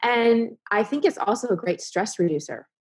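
A woman's voice: a little high, lively intonation, moderate pace, slightly rough. A woman hosting a podcast, chatting casually in a friendly, affirming way. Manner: friendly, affirming, laughs easily. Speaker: podcast host. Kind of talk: casual conversation.

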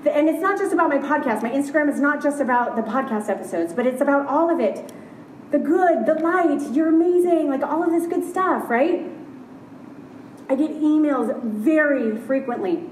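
A woman giving a live keynote talk at a conference, upbeat and candid, chatty, with quick asides. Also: sits high, expressive, darkish tone, a little hiss or hum. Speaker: keynote speaker. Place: large conference hall. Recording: roomy hall sound, heard from a distance.

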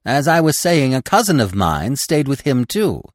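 A man's voice: medium pitch, moderate pace, no room sound, clean studio sound, voice pushed up, lightly acted. A man voicing a pushy, eager squirrel who keeps interrupting. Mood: chattering. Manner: eager, excitable.

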